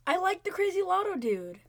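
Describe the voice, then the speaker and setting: A young woman chatting casually about a TV show, giggly, giving her opinions in quick bursts. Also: very high voice, big pitch swings, gravelly.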